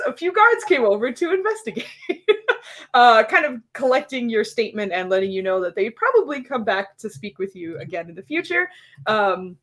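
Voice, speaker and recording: A woman's voice: medium pitch, a bit bright. Giggly woman DM recapping. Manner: chatty, many fillers and giggles. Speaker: dungeon master. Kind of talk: recapping a tabletop game session.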